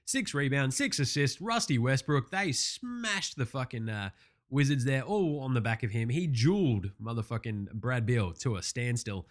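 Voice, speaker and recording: A man's voice: medium pitch, expressive, moderate pace. A man with an Australian accent hosting a casual sports recap, swearing freely, ranting and sarcastic. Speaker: sports podcast host.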